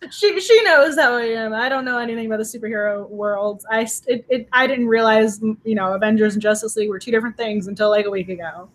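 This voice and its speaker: A woman's voice: on the high side, fast, few pauses, a little hiss or hum. A woman co-hosting a book club livestream, giggly and effusive, rambling with restarts as she chats. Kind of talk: casual chat.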